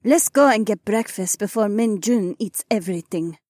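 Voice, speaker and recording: A man's voice: sits high, normal speed, darkish tone, no echo, studio quality, pitched above the performer's own voice. A male narrator voicing a friendly, teasing young woman in an audiobook. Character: warm, playful young woman, proud daughter.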